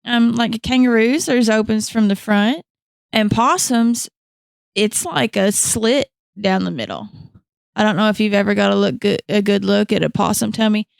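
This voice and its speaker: A woman's voice: medium pitch, normal speed, vocal fry, clear, resonant tone, no room sound, studio quality. A woman co-hosting a podcast in casual chat, swearing freely and laughing often. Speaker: podcast co-host.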